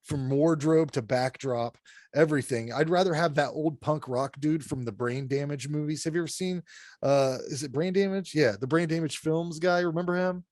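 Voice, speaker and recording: A man's voice: fairly high pitch, a little mellow, no room sound. Blunt, swearing man ranting in a dry room. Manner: blunt, ranting, swears often, quick laughs. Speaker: podcast co-host reviewing horror films. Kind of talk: casual profane chat.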